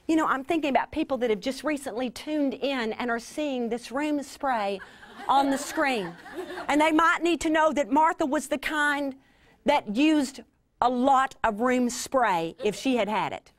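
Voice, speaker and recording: A woman delivering a Bible teaching to a mostly female audience, earnest with drawn-out emphasis and playful asides. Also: high voice, animated. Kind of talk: sermon.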